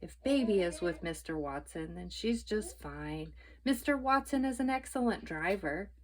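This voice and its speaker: A woman's voice: on the low side, expressive, moderate pace. Sweet fussing housewife, soothing, as voiced by a woman reader. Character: kindly, gentle middle-aged housewife.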